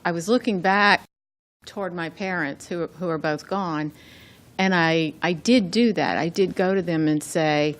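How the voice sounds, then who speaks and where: A woman co-hosting a radio talk, answering in a thoughtful, reflective, soft-spoken way. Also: lowish voice, measured pace.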